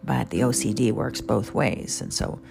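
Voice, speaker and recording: A woman's voice: rumbling low, steady tone, normal speed, gravelly. A middle-aged woman telling family stories in a conversational, humorous way with asides to listeners, guitar music behind her. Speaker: storyteller. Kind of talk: storytelling on a radio podcast.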